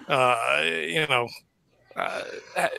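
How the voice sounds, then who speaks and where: A man playing a tabletop game, quickly describing his character's actions in casual chat. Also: mid-range voice, gravelly, pushed and bright, clean tone, dry recording. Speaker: player.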